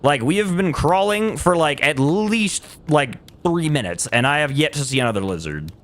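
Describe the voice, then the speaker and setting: A man's voice: fairly high pitch, animated, normal speed. Rambling man streaming a game. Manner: rambling, self-correcting, trails off and laughs. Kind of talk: casual livestream chat while gaming.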